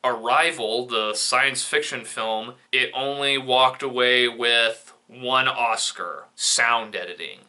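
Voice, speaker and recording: A man's voice: mid-range voice, pushed and bright. A young man giving casual, opinionated commentary on award winners, with sarcastic asides. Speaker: film reviewer.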